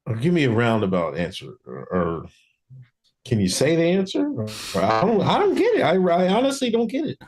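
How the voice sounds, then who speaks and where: A man co-hosting a casual podcast chat, animated and laughing often. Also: a little fast. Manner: animated, laughing often, lively swings in pitch. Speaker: podcast co-host.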